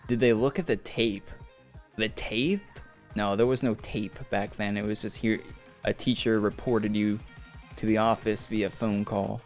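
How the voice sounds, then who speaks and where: Young man, low-pitched voice, rambling casual stream talk, faint music behind. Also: steady tone, a little slow. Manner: rambling storytelling with laughs.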